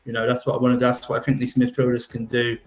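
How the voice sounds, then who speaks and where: Man as defensive football boss, rambling, self-praising, mid pitch, comedic role-play. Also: monotone, racing, lightly acted. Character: embattled male football manager defending his record.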